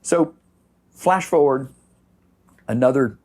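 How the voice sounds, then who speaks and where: Speaking slowly in a medium-pitched, slightly mellow voice, this middle-aged Floridian who runs a surf shop wanders through a long tale during a relaxed podcast interview. He leans on "you know" constantly and performs the quoted voices.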